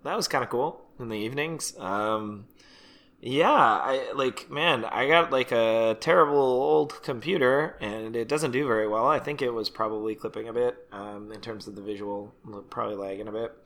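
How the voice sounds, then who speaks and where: A man's voice: mid-range voice, moderate pace, a bit bright. A man co-hosting a podcast in casual chat, joking and teasing, often laughing. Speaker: podcast co-host.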